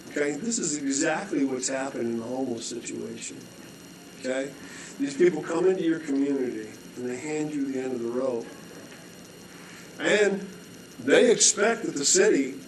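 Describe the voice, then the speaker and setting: A middle-aged man telling a story as a guest, animated, with frequent restarts and throat-clearing. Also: a little high, slight background noise. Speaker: rescue mission director, guest. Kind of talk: storytelling, conversational preaching. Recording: echoey room.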